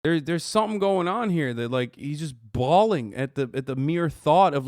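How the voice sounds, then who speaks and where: A man's voice: fairly high pitch, animated, normal speed, hardly any pauses, a little mellow, no room sound, studio quality. Profane, incredulous male streamer. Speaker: streamer host. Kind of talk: reaction commentary.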